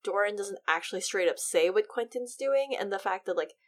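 A woman's voice: mid-range voice, fairly quick. A woman in casual podcast conversation, talking about a book and acting out lines with lots of energy. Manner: animated, acts out quotes in big voices. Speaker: podcast co-host.

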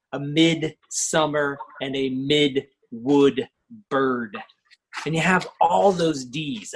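A man teaching poetry craft as a professor, thoughtful and unhurried, often checking in with the listener and pausing on fillers. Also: medium pitch, husky, low-quality recording.

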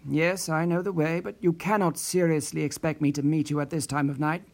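A man's voice: a little high, level tone, a little fast, vocal fry, a little mellow. A man voicing a wary, formal older office worker who grows indignant on the phone.

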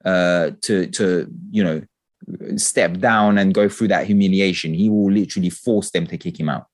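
A man in casual political chat, talking with passion, swearing and ranting in an animated way. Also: deep voice, normal speed, no echo, clean studio sound. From England.

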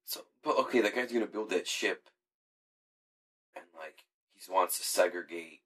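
Husky, animated man in casual chat. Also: fairly low pitch, normal speed. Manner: joking, animated, swears casually.

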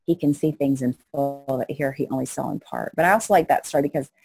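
A middle-aged woman with a low, gravelly voice tells her stories in a dark, husky tone. She acts out the people she quotes as she goes. The recording is close and dry. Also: fast, dry recording. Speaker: guest, missionary to orphans. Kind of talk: storytelling interview.

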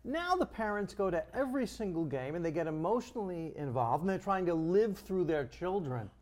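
An older man from Long Island with a slightly raised pitch. He tells his stories in an easy, conversational way and drops dry jokes along the way. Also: sing-song, a little fast, darkish tone. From Long Island, New York. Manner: dry joking storyteller. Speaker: co-host. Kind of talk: casual reminiscing chat.

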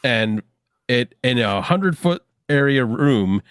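A man's voice: mid-range voice, lively intonation, takes it slowly, a bit bright, clean tone, no room sound, clean studio sound. A man playing a tabletop role-playing game, chatty and laughing often. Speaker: player.

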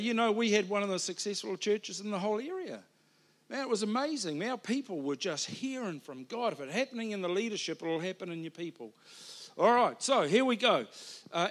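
A high-pitched man preaches a church sermon. He talks like a friend, drifting into asides and then driving points home with emphatic bursts. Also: a bit bright. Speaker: pastor. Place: church hall.

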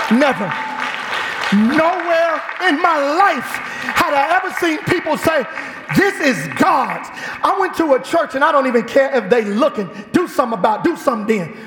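A man preaching a fiery sermon in a church, with an animated, shouting delivery. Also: very high-pitched, slight background noise. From Chicago. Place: church sanctuary. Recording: echoey church hall.

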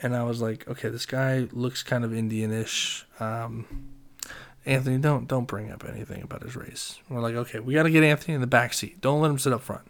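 A young man casually telling a story, swearing often and loudly acting out his friends' lines. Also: medium pitch, steady tone, a little fast. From Reading, Pennsylvania.

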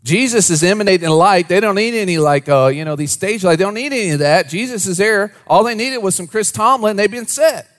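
A man preaching a sermon to a congregation, moving between hushed, low asides and animated, raised storytelling. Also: a little fast, few pauses. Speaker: pastor.

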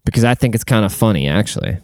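A man's voice: lowish voice, animated, fast, a little mellow, dry recording, soft background music. A man hosting a casual solo podcast from a room at home, rambling bluntly and swearing freely. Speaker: podcast host.

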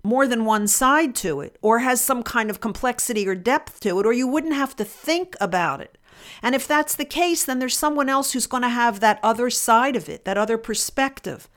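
A woman with a somewhat high voice speaks alone on her podcast. She tells an everyday story in a measured, pointed way and then argues her opinion. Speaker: podcast host.

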